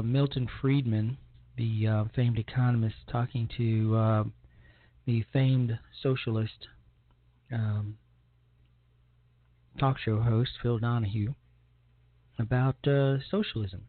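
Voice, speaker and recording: A man's voice: medium pitch, dry recording. A man from Puerto Rico hosting an opinion talk show, rambling and sarcastic with many fillers. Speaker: show host. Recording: dry, phone-like sound.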